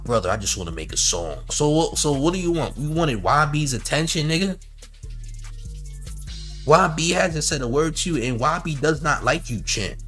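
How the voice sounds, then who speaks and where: A man riffs on a livestream, bright-toned and animated. He mocks and reads out chat comments in a loose, casual style. Faint music sits underneath his talk. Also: medium pitch. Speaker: commentary host.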